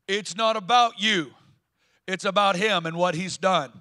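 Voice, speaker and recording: A man with a Southern US accent preaching a sermon as pastor in a church, emphatic and building to loud declarations. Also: high voice, a little slow. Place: church sanctuary.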